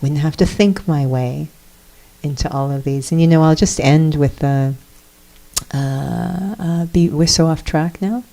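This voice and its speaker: A woman with a low, warm, mellow voice gives a reflective spiritual talk. She speaks softly and earnestly, often pausing with fillers as she searches for words. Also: poor audio. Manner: soft-spoken and earnest, with hesitant fillers. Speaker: guest speaker, meditation teacher.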